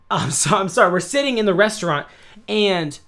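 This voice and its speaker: A man's voice: sits high, moderate pace. Young American man telling a rowdy story. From United States. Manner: animated, yelling and laughing through a story. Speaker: podcast host. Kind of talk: casual storytelling.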